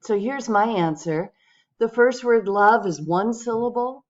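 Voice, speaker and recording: A woman teaching English pronunciation, speaking patiently and clearly to her viewers. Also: a little high, a little slow, lo-fi sound. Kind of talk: pronunciation lesson.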